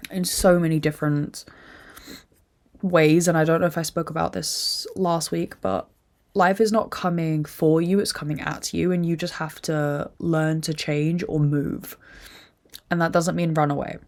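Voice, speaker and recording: A young woman hosts a podcast in a candid solo monologue, drained and upset, venting emotionally and swearing often. Her voice is low and a little mellow, with a steady tone and measured pace.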